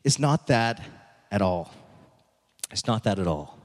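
Man preaching with dramatic, hushed pauses. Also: on the low side, expressive. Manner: dramatic storytelling, slow emphatic pauses, drops to near whisper. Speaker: pastor. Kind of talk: sermon. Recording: echoey hall.

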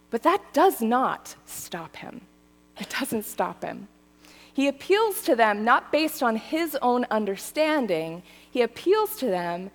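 Lively woman preaching in a reverberant hall. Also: on the high side. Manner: animated, conversational, often asks the audience "right?" and "okay?". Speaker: pastor. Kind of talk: sermon.

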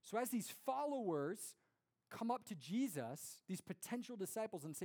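A young man giving an earnest, conversational sermon to a congregation, with lively storytelling and rhetorical questions. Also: sits high, moderate pace. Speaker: pastor.

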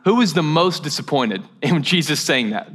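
A man preaching a sermon as a pastor, telling a story in a casual, animated way and laughing at his own jokes. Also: fairly high pitch, moderate pace.

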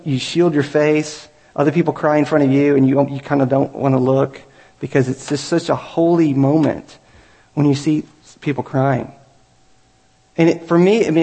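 A man's voice: a little high, a little mellow. Earnest male pastor in a reverberant hall. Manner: earnest, builds to raised emphatic peaks. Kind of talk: sermon.

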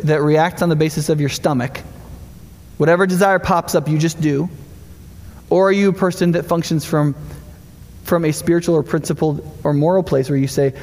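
A middle-aged man preaching a sermon with a gravelly edge to a voice that sits high for a man. He talks in an animated, conversational way and keeps asking his listeners questions. His voice rings out in a large hall with a long echo. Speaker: pastor.

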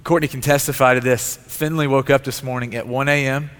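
A man's voice: medium pitch, steady tone, a little fast, fairly bright tone, clean tone. Earnest preacher man in an echoing hall. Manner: earnest, repetitive preaching cadence. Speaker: pastor. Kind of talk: sermon. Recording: long hall reverb.

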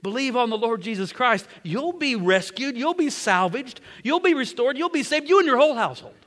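A preacher acting out an urgent apostle calling out to a jailer, his voice raised high and pleading. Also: lively intonation, fairly quick, fairly bright tone, big-room sound. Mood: earnest. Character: the apostle Paul, urgent older man.

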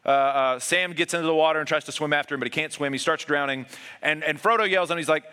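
Male pastor, bright forceful tone, earnest sermon delivery that drops to hushed emphasis. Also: fast, smooth. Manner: earnest, swings between raised urgent passages and hushed low emphasis.

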